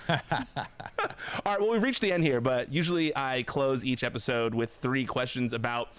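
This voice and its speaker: A man's voice: medium pitch, moderate pace, clean tone. A man hosting an interview podcast, chatty and casual, laughing often and restarting his sentences. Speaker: podcast host.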